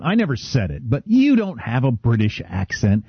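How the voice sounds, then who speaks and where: A man's voice: mid-range voice, huge pitch swings, normal speed, breathy edge, no echo, highs cut off. A man hosting a talk radio show, telling wry stories and teasing his co-host. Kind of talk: casual talk radio banter.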